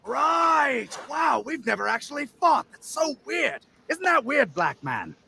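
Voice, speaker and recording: A man voicing an arrogant alien prince who shouts and mocks. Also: extremely high pitch, sing-song, measured pace, creaky, a little hiss or hum, full character voice. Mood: mocking. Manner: shouting, mocking.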